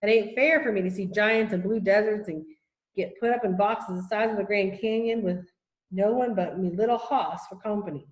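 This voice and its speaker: A woman's voice: mid-range voice, normal speed, reverberant, highs cut off, close to an everyday voice. Woman doing a tiny Texas cowboy, drawling. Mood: self-pitying. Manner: gruff drawling, shouting and self-pitying. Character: tiny angry, weepy adult male cowboy.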